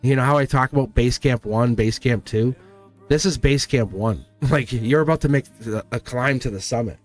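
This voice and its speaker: A man's voice: mid-range voice, moderate pace, soft background music. A man giving a live tarot reading to a viewer, speaking earnestly and emphatically, repeating phrases and stumbling over his words. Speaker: tarot reader.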